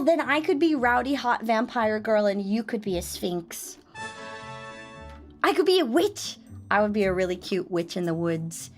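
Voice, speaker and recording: A woman's voice: mid-range voice, moderate pace, soft background music. A woman streamer chatting casually and playfully with her viewers, giggling often. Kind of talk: casual chat on a livestream.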